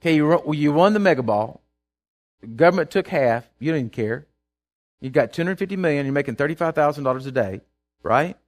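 Male preacher, slightly high voice, stammering repeats, asks the room if they follow. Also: expressive, a little fast. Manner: keeps asking the congregation if they follow; repeats words when restarting. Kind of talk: sermon.

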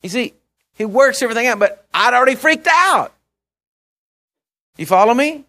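A man with a notably high voice preaches a conversational sermon, reading scripture between stories. He speaks earnestly in short bursts, restarting phrases and checking that the congregation is following him. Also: animated, normal speed, sharp tone.

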